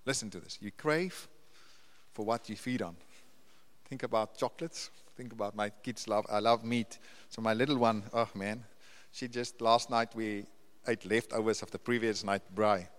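A man's voice: fairly low pitch, normal speed, fairly bright tone. A man, preaching a conversational sermon to a church, building up to emphatic repeated lists. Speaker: pastor. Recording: long reverb of a church hall.

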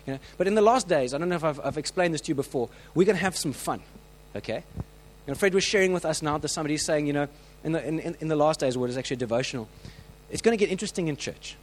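A man preaching a sermon, telling stories with lively acted-out voices and frequent restarts. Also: a little high, rapid-fire, few pauses, rough recording. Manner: animated storytelling, acts out quoted voices; many restarts and filler words.

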